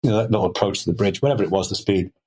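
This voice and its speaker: Brief: middle-aged man, lowish voice, chatty interview guest, loose and rambling. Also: racing, darkish tone, slightly rough. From Liverpool, England. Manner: rambling, many "you know" fillers. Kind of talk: conversational storytelling.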